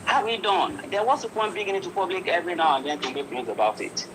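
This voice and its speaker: Fast-talking insistent man. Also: sits high, very animated. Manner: insistent, repeats himself when interrupted. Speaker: talk show panelist. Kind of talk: heated panel debate. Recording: loud background noise.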